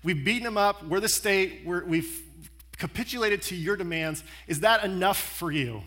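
A man's voice: sits high, moderate pace, sharp tone. A man voicing a weary, exasperated Roman governor who talks in a casual, modern way. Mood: frustrated. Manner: casual, modern-speaking, frustrated.

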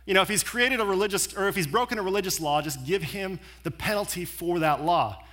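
A man's voice: high-pitched, fairly quick, a bit bright. A man voicing a weary, exasperated Roman governor who talks in a casual, modern way. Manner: casual, modern-speaking, frustrated.

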